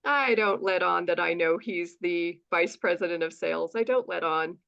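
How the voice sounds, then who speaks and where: A woman's voice: lowish voice, normal speed, gravelly, clear, resonant tone, highs cut off. A woman from the United States, a guest in an interview, telling her story with lots of acted-out dialogue and frequent asides of "right?". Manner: animated, acts out dialogue, says "right?" often.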